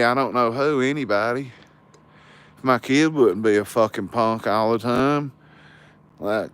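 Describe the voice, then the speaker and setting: A man's voice: mid-range voice, a bit bright, clear, resonant tone. A man, telling rambling, profane stories to his livestream viewers. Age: 40s. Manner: loose, crude, rambling storytelling.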